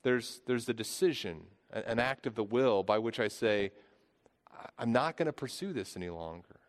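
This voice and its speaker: A man's voice: medium pitch, animated, moderate pace. A man in his thirties preaching a sermon, earnest, often repeating and restarting phrases. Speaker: pastor. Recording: long hall reverb.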